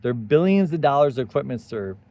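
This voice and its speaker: A man's voice: mid-range voice, animated, fairly quick, dark tone. A man hosting a solo tech commentary, talking animatedly with sarcastic asides and tangents. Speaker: tech commentary channel host.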